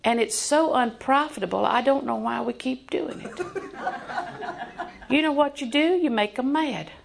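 Gravelly older woman preaching with humor. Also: high-pitched, normal speed, noisy background. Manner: folksy and joking, drops to a hushed voice for emphasis. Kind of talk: sermon.

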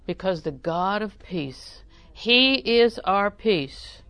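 A middle-aged woman delivers a sermon in a folksy, funny manner, chuckling often and bursting into loud, acted-out exclamations. Her mid-range voice is expressive and slow-paced, and the recording is dry.

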